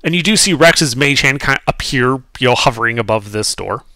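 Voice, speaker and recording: A man's voice: mid-range voice, lively intonation, a little fast, sharp tone, no echo. A man running a tabletop game as game master, describing scenes casually with fillers. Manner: casual, explains with many fillers.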